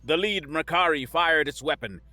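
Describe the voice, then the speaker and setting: A man reading sci-fi narration in a steady, measured way. His voice is bright and forceful, recorded dry and close with faint music behind. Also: fairly high pitch, no echo.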